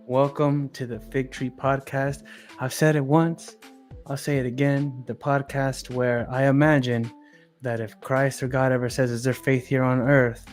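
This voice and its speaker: A man's voice: medium pitch, level tone, unhurried, faint music behind. A man hosting a podcast in casual chat, earnest and repeating words for emphasis. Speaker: podcast host.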